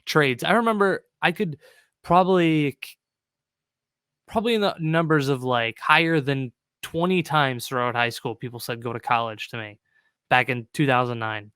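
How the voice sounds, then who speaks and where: A man hosting a podcast, relaxed and chatty, telling stories with quick reactions. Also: mid-range voice, smooth, dry recording. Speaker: podcast host. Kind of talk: casual podcast conversation.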